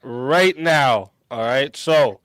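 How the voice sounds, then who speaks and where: Slow, smooth-voiced male stream moderator. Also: mid-range voice, a bit bright, no room sound. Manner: measured, addresses the chat. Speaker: debate moderator. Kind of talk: live stream hosting.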